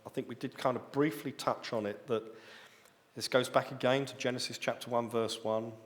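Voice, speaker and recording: A man's voice: medium pitch, steady tone, moderate pace. A man preaching a sermon, teaching step by step and lifting his voice on key words. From United Kingdom. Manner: explanatory teaching, rising emphasis on key words. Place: church hall. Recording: long reverb of a church hall.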